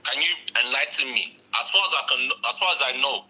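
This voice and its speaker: Blunt British-Nigerian caller on a phone line. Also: male voice, mid-range voice, a little fast, sharp tone, slightly rough. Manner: blunt, emphatic.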